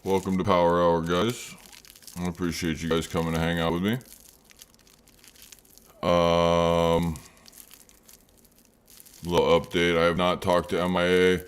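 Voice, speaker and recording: A man with a deep, clean-toned voice talks unhurriedly with a completely flat delivery, pausing often. He hosts a live trading stream, chatting casually with viewers, addressing chat members by name, and rambling with lots of fillers.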